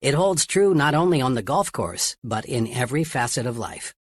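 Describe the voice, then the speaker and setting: A man reading a self-help audiobook in a steady, earnest narration. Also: medium pitch, moderate pace, dry recording.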